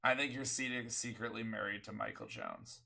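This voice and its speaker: Young guy, sick and hoarse, gravelly and bright, rambling casual co-host. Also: lowish voice, normal speed. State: sick with a cough, voice worn. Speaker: streamer and podcast co-host. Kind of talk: casual chat.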